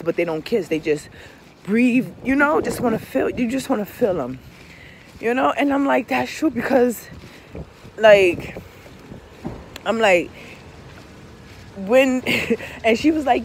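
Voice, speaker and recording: Young woman, candid vlog storyteller, swears and laughs, voice swings high to low, faint traffic outside. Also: lively intonation, moderate pace. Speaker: vlogger. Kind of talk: candid casual storytelling to camera.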